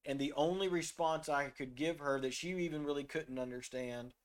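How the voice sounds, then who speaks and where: A middle-aged man with a voice on the high side and a steady tone tells a personal story earnestly at normal speed during a casual faith discussion. He now and then reads scripture aloud and drops to a soft voice when quoting himself.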